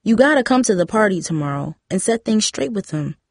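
A woman's voice: mid-range voice, big pitch swings, a little fast, no echo, clean studio sound. A woman voicing a breezy, coaxing teen friend. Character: friendly teenage girl, upbeat best friend.

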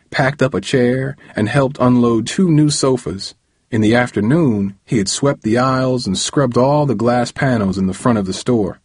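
A man reading a novel aloud as narrator, in a steady storytelling manner. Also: mid-range voice, husky, no room sound, clean studio sound. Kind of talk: audiobook narration.

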